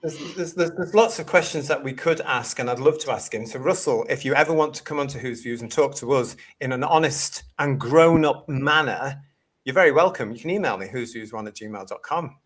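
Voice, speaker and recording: A man's voice: medium pitch, a little fast, breathy edge. A British man hosting a casual live-stream panel chat, blunt and opinionated, with a mocking edge, speaking over a video call. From United Kingdom. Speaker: host.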